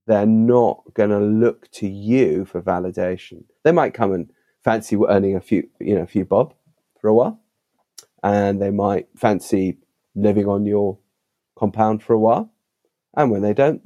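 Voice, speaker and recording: A man who is a podcast guest and author, telling stories in an animated, emphatic conversational way. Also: fairly low pitch, lo-fi sound. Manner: animated, emphatic, with vivid asides. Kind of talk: conversational storytelling.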